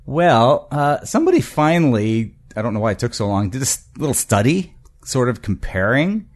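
A man's voice: mid-range voice, very animated, normal speed. A man co-hosting a casual podcast chat, talking hesitantly with many fillers and laughing often. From United States. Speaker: co-host.

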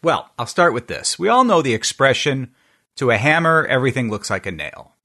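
A man's voice: medium pitch, big pitch swings, a little fast, bright, forceful tone. A man from the United States, a podcast co-host, presenting a segment in a wry, joking way during a casual panel chat. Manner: wry, jokey delivery of a prepared segment.

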